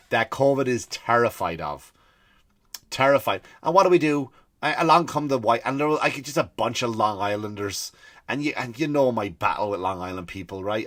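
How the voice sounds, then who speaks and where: An Irish-accented comedian hosts his podcast, telling stories in an animated comic rant. His voice is medium in pitch, he swears freely, and he acts out the people he quotes.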